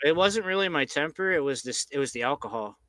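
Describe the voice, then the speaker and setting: A man's voice: fairly high pitch, lively intonation, fast, a crowd in the background, low-quality recording. A man hosting a casual chat, rambling and profane in laid-back banter. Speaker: host.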